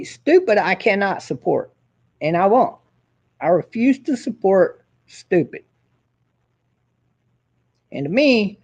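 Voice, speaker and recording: A man's voice: sits high, a little mellow, slightly rough, dull audio. A man hosting his own show, ranting in a profane, combative and boastful way. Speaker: host. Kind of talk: casual ranting monologue.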